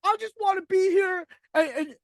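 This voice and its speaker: A man's voice: very high-pitched, normal speed, no room sound, studio quality, voice pushed up. A man voicing a pushy older male customer who insists on his demands and talks over others. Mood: indignant.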